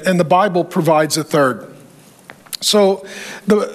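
High-voiced middle-aged guy preaching, emphatic and punchy, repeats lines for effect, little jokes. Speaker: pastor. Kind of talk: sermon.

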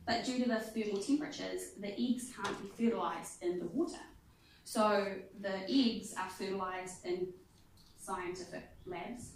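A woman telling a humorous testimony in a sermon, in an animated storytelling way and laughing often. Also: mid-range voice, reverberant, slight background noise, low-quality recording. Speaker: guest speaker.

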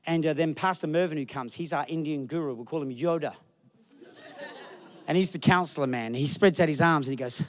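This sermon comes from a male pastor from Australia, his voice a touch high and his delivery fast. Full of energy, he mimics members of the congregation using comic voices.

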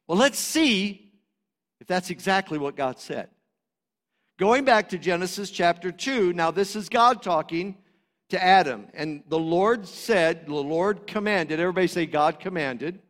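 High-voiced preaching man in a reverberant hall. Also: lively intonation, unhurried. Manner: passionate, swings between loud emphatic preaching and quieter explaining. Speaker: pastor. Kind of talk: sermon.

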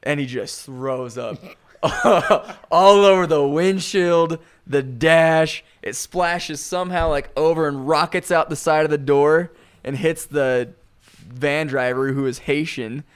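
Animated man telling a rowdy story. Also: on the high side, slow, clean tone. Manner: animated storyteller, laughs often, acts out quotes. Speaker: podcast co-host telling a story. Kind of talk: casual banter among friends.

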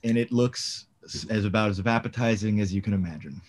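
A man's voice: fairly low pitch, a little fast, a little mellow. A man co-hosting a casual podcast, laid-back and joking as he tells his stories. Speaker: podcast co-host. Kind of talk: casual chat.

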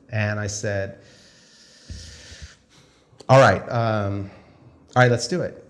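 A male film director telling a story casually, acting out the conversations he quotes. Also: fairly low pitch. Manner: animated, acts out dialogue in quick quoted exchanges.

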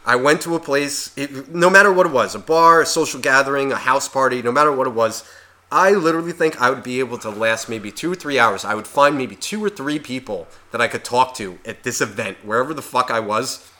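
A man's voice: mid-range voice, brisk, bright, forceful tone. A man co-hosting a podcast in casual chat, ranting and swearing constantly as he works himself up. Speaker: podcast co-host.

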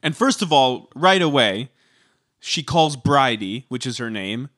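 A man co-hosts a casual chat in an animated, opinionated way. His voice is mid-pitched. It sounds dry and close to the mic. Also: unhurried, dry recording. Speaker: podcast co-host. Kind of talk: casual chat recapping a reality show.

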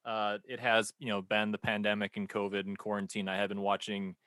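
Bright-voiced jokey man hosting. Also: on the low side, monotone, fairly quick, no echo. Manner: jokey, playful. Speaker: podcast host. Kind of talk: casual podcast interview.

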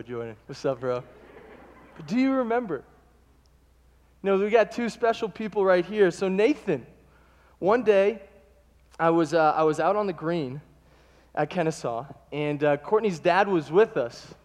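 A man preaching a sermon to his congregation, telling animated stories and acting out the quotes. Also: sits high. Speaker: pastor. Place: church sanctuary. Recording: long hall reverb.

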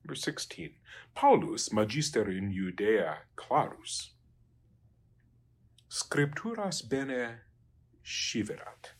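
Slow, husky man teaching Latin. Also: medium pitch, sing-song. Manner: halting, many fillers and restarts, trails off quietly. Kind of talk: working through Latin exercises.

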